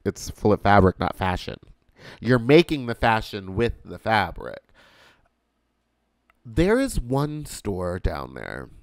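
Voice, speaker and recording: A man hosting a podcast, delivering a casual comedic monologue with profane ranting and sudden shouted outbursts. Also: on the low side, no room sound, clean studio sound. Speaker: podcast host.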